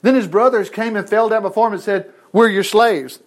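A man's voice: high voice, fairly even intonation, a little fast. A man preaching a sermon, reading scripture aloud and breaking in with folksy, laughing asides and acted-out voices.

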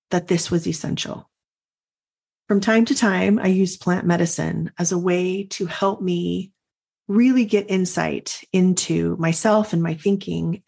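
A middle-aged woman hosting a podcast, telling an earnest personal story in a reflective, confessional way and slowing down to stress her points. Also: fairly low pitch, gravelly, darkish tone. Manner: earnest, confessional, slows for emphasis. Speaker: podcast host and coach.

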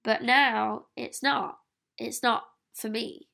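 Bright, gravelly-edged woman in her thirties. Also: a little high, fairly even intonation, takes it slowly. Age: 30s. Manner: candid, earnest, personal. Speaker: podcast host. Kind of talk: reflective solo podcast monologue.

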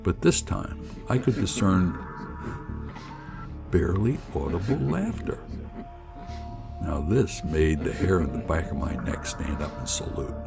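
Deep gravelly man telling a story. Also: unhurried, pauses often, music in the background. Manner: animated, colloquial, jokey. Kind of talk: personal anecdote narration.

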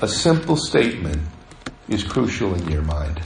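Conversational preacher in an echoey church. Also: male voice, deep voice, very animated, normal speed, vocal fry, slight background noise. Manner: storytelling, conversational, acts out quoted voices. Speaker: pastor. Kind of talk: sermon. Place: church sanctuary.

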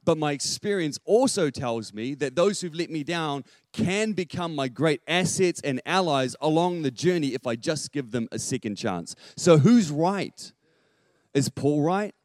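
Animated pastor, dry sound. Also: male voice, on the high side, unhurried, no echo. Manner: animated, acts out quotes with rising volume. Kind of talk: storytelling sermon.

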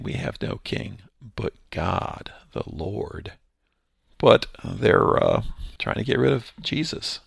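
A man's voice: mid-range voice, dry recording, studio quality. A man teaching through a Bible passage verse by verse, explaining in a conversational way with restarts. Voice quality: gravelly, husky voice.

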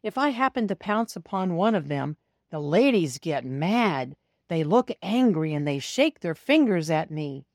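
A woman with a lowish voice reads a children's storybook aloud in a clean studio recording with no room sound. She narrates as a cat in the first person, speaking directly to young listeners in a slow, expressive style.

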